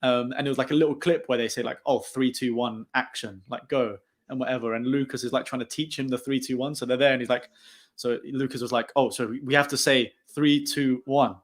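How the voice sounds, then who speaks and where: A young man hosting a casual post-match football chat on a live stream, talking fast and laughing often. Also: medium pitch, fairly even intonation. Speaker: host.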